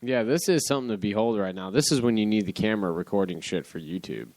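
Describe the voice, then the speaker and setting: A man's voice: fairly low pitch, quick pace, darkish tone, no echo. Rambling, profane male podcast co-host. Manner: profane, rambling, says dude a lot. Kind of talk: casual chat.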